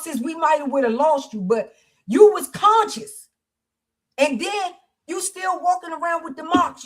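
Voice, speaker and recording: A woman hosting a livestream support circle, speaking in a fervent, preacher-like way. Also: high-pitched. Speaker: host. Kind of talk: livestream talk.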